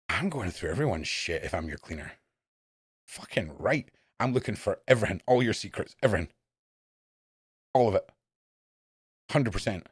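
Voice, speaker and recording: A young man chatting casually and profanely on a live stream, jumping between loud outbursts and low mutters. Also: dry recording, clean studio sound. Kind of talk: casual rambling stream chat.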